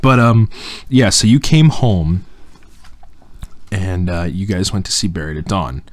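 A man's voice: low-pitched, unhurried. A young man hosting a casual podcast, telling rambling stories and acting out quotes. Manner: rambling storyteller, acts out quotes. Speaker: podcast host. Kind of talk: casual chat.

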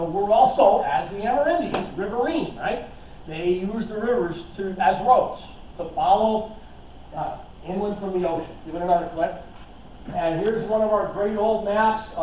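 A man's voice: sits high, warm tone. A man giving a casual slideshow history lecture, chatty and enthusiastic, with plenty of fillers and restarts. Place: historical society lecture room. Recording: echoey, dull, from far off, faint hiss.

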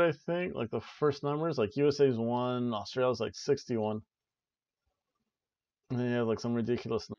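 A man's voice: mid-range voice, a little mellow, no echo, highs cut off. Rambling casual wrestling-podcast man. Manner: rambling, joking, frequent "uh" and "like". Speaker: wrestling review podcast host.

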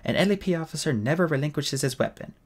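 A jittery young elf officer with a raised, husky voice put on by a man reading aloud, babbling his way around hard questions. Under the nerves there is a rough, gravelly edge. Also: a little high, lively intonation, quick pace, pitched above the performer's own voice. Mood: flustered. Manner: flustered, babbling. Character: nervous, boastful young male elf officer.

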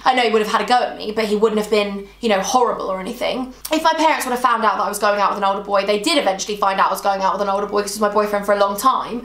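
A woman's voice: mid-range voice, a bit bright. A woman, telling an emotional storytime vlog and acting out old conversations. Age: 20s. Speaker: YouTuber. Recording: roomy, echoey room.

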